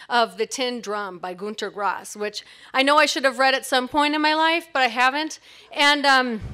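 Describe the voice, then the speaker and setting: A woman's voice: high-pitched, pushed and bright. A middle-aged woman telling a personal story on stage, chatty and self-mocking, with many fillers.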